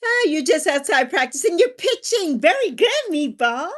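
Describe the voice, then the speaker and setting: A woman's voice: high voice, very animated, moderate pace, fairly bright tone. A woman hosting a casual livestream, chatting with viewers in a bubbly, sing-song way and drawing out her words. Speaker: livestream host.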